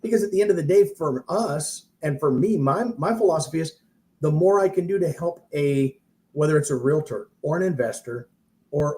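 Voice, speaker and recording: A man's voice: on the high side, dark tone. A man who trains mortgage professionals, telling a long story in a rambling, self-interrupting way. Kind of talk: casual storytelling on a live stream.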